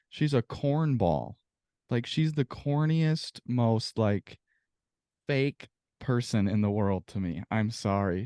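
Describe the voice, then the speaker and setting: A man's voice: medium pitch, warm tone, dry recording, studio quality. A man co-hosting a casual sports podcast, venting in a profane, exasperated rant. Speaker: podcast co-host.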